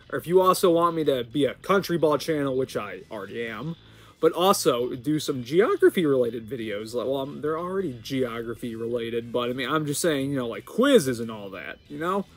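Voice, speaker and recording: An American man hosting a gaming channel, rambling through casual gameplay commentary with sudden loud outbursts. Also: mid-range voice. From United States.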